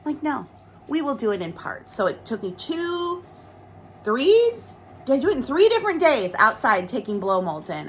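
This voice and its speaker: A woman's voice: on the high side, big pitch swings, moderate pace, slight background noise. A woman vlogger chatting casually to the camera at home, rambling along in a self-deprecating way. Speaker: lifestyle vlogger.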